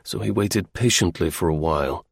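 Gravelly male audiobook narrator. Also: deep voice, normal speed, dry recording, studio quality.

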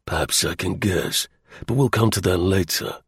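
A man's voice: deep voice, normal speed, vocal fry, husky, dry recording, studio quality, full character voice. A man voicing a stern male secret service agent who talks in clipped, threatening lines. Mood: menacing.

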